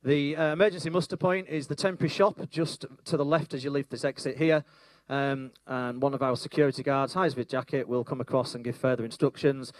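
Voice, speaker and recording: A man's voice: medium pitch, fairly even intonation, brisk, no room sound. Guy doing fire safety notes before an event, hesitant, lots of ums. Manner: hesitant, many fillers. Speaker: event organiser giving safety briefing. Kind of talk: safety announcement. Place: function room at a stadium.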